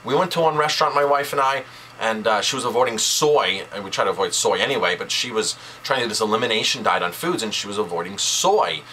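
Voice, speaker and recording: Fired-up chef guy ranting at the camera, bright punchy voice, keeps repeating himself to hammer it home, bit of faint hiss. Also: fairly low pitch, expressive, fast talker, poor audio. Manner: indignant, emphatic, repeats words for stress. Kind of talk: direct-to-camera vlog rant.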